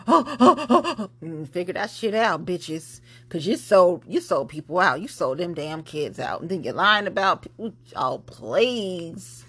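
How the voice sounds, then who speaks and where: A woman hosting her own podcast, ranting bluntly and profanely, swinging between loud outbursts and low muttering. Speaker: podcast host. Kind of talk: unscripted solo podcast rant.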